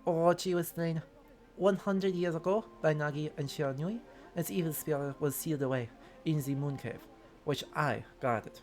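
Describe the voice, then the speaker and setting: A man voicing a vain, flamboyant male swordsman prophet in a deliberately awful fake French accent, reading with mock grandeur. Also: a little high, a little mellow, lightly acted. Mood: haughty. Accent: exaggerated fake French. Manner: theatrical, mock-grand reading of game lines.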